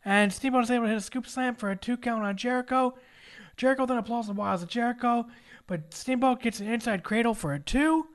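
A man's voice: extremely high pitch, quick pace. A man co-hosting a casual podcast, recapping a wrestling match move by move with joking asides. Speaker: podcast co-host.

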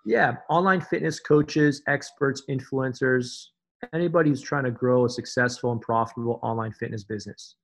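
A man's voice: medium pitch, normal speed, vocal fry, fairly bright tone. A man guesting on a podcast as a fitness business coach, talking in an emphatic, motivational way and repeating phrases for effect. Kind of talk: conversational interview.

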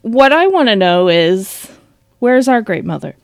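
A woman's voice: mid-range voice, sing-song, unhurried, gravelly, no room sound, studio quality. A woman co-hosting a podcast, chatting casually, often laughing and swearing with sarcasm. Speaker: podcast co-host. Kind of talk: casual chat.

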